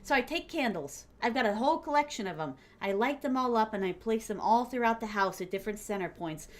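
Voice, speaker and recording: A woman's voice: on the high side, animated, brisk. A young adult woman from Florida, chatting playfully with viewers on a stream and laughing often. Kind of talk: casual chat with viewers.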